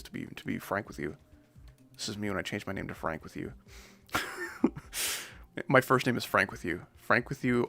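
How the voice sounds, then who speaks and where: A man's voice: medium pitch, vocal fry, fairly bright tone, dry recording. A man streaming casual gaming commentary, rambling and joking at his own expense. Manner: rambling, jokey, self-deprecating.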